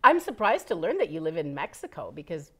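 A woman teacher hosting a children's educational show, asking a puppet guest playful questions in an animated way. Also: deep voice, brisk, slightly rough. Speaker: teacher and host.

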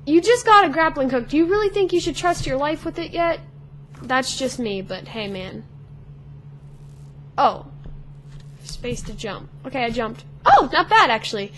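Teenage girl, let's play commentary, high-pitched, excitable and chatty, faint hiss behind. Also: normal speed, long pauses. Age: teens. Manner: chatty, excitable, talks to herself and the game character. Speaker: gaming channel host.

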